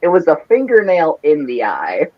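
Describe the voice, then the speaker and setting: A woman trading dry, deadpan jokes in a casual group chat. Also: deep voice, normal speed. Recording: dull lo-fi audio.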